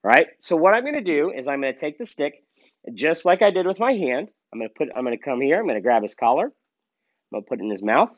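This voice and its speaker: A man training a gun dog and explaining each step casually, breaking off for sharp commands to the dog. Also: on the high side, very animated, fast talker, no echo, dull audio. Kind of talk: hands-on training demonstration.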